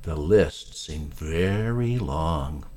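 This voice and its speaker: A man reading a children's storybook aloud, slow and lively, with voices for each character. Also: extremely low pitch. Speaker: narrator.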